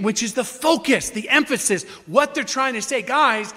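A man with a notably high-pitched voice delivers a teaching sermon to his congregation. He explains Scripture point by point, leaning hard on key phrases and often restarting his sentences as he works through an idea. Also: expressive, moderate pace, few pauses, bright, forceful tone. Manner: emphatic, explanatory, with frequent restarts and fillers. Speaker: pastor.

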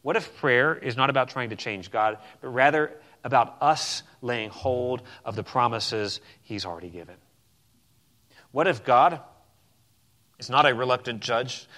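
Emphatic man preaching a sermon. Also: medium pitch. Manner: emphatic preaching, swings between loud and soft. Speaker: pastor.

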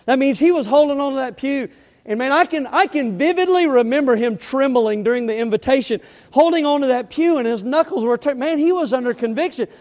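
Speaking a little fast, this pastor preaches with a voice unusually high for a man. His sermon unfolds as easygoing storytelling, punctuated by quiet, heavy words when he wants emphasis, and the sanctuary's lengthy reverb lingers after each line.

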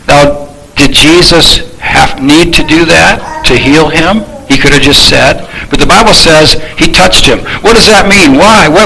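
A man's voice: a little high, sharp tone, a little hiss or hum, rough recording. A man preaching a sermon in a conversational teaching manner, reading Bible verses and then explaining them while asking his listeners questions.

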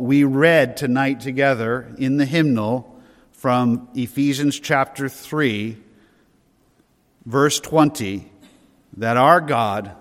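Male pastor, mid-pitched, earnest sermon delivery, long hall reverb. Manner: earnest preaching, slowing down to stress key words.

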